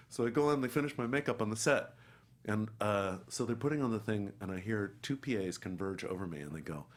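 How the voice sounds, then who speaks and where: A middle-aged man, an actor guest, telling an animated story and acting out the people in it. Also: fairly low pitch, fast talker. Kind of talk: anecdotal storytelling.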